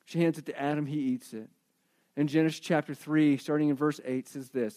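High-voiced, animated male preacher. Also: a little fast. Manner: animated storytelling, emphatic, rhetorical questions. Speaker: pastor. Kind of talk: sermon.

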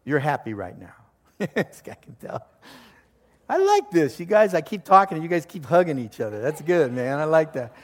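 Chatty older male pastor, slightly high voice. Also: huge pitch swings, moderate pace, in a large hall. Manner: conversational, joking storyteller. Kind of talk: sermon.

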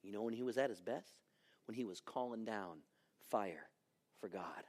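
A middle-aged man, a pastor, preaching a sermon and swinging from hushed lines to shouting. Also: lowish voice, moderate pace.

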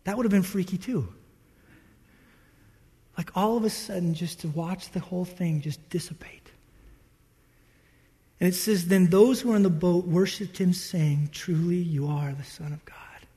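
High-voiced pastor preaching in a reverberant hall. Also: male voice, unhurried, long pauses. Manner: animated storytelling, acts out disciples' voices. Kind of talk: sermon.

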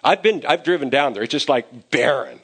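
Animated conversational male pastor. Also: mid-range voice, a little fast, slightly rough. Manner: conversational, animated when acting out scenes. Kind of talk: sermon.

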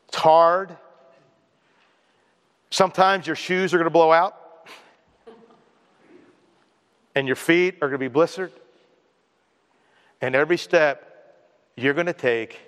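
A male pastor preaching a lively sermon, acting out quoted voices and leading the congregation in responses. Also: on the high side. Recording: long hall reverb.

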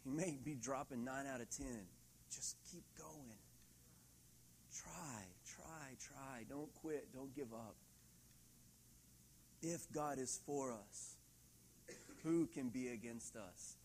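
A middle-aged man preaching a sermon in a church hall, lively and laughing often, acting out quoted voices. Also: medium pitch, slow, long pauses, a little hiss or hum. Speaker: pastor.

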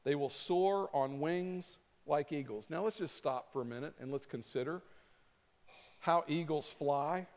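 A man preaching a sermon as pastor, animated and acting out his points with rising intensity. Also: a little high, measured pace. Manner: animated, acts out flapping with rising volume. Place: church sanctuary. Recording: long reverb of a church hall.

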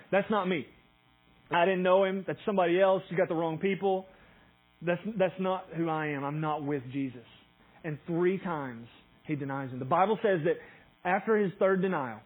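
Husky, animated male pastor preaching. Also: fairly high pitch, poor audio. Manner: animated storytelling, acting out quoted dialogue with rising intensity. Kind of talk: sermon.

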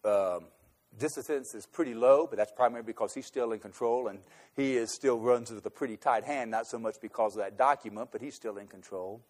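A man telling a personal anecdote, shifting between loud, emphatic bursts and quiet, low asides. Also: brisk. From United States. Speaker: speaker recounting a trip abroad.

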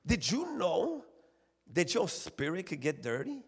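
A man's voice: high-pitched, huge pitch swings, measured pace, breathy edge. A man preaching a sermon, calling out to the congregation and repeating his phrases. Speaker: pastor. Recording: long echo of a church hall.

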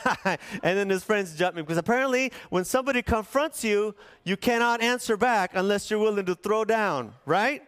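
A man from Southern California, a pastor preaching a sermon and telling a story with lively, shifting pace. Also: sits high, clean tone. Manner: animated storytelling, shifts between fast and slow.

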